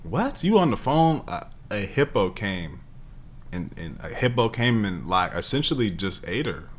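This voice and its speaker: A man reacting to a video in loose, rambling commentary. His pitch swings widely as he fires off disbelieving questions. He talks casually, stopping and restarting as thoughts hit him. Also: unhurried. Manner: animated, incredulous, rambling exclamations. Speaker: reaction streamer.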